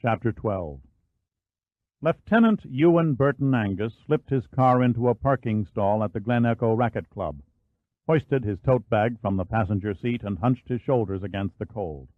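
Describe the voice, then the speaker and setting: A male narrator reading a thriller audiobook in measured, even scripted narration with a low voice. The sound is dry and band-limited, close to a phone line. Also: no room sound.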